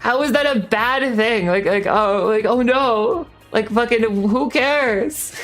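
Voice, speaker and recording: Girl in her 20s going off on stream, swearing a lot, tons of likes and restarts, quiet music behind. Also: on the high side, slow. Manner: heated, swearing, many fillers and restarts. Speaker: VTuber streamer. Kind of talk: casual stream rant.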